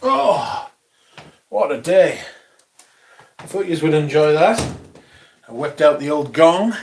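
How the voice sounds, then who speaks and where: A British man hosting a casual livestream, chatty and excitable, swearing freely as he talks to his viewers. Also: on the high side, slow pace, a little hiss or hum. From Britain. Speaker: livestream host.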